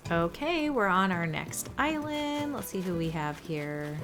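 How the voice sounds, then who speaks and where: Slow-talking chatty woman gamer. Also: fairly low pitch, music in the background. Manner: chatty, says y'all, soft asides. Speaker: gaming video host. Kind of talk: casual game commentary.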